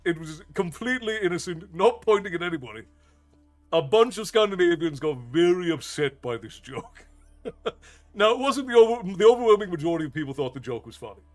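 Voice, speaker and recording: A man's voice: sits high, big pitch swings, fairly quick, soft background music. A man streaming his storytime show, chatting casually with his viewers in a rambling, self-amused way and laughing often. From United States. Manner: reads and answers viewer chat. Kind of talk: casual live-stream chat.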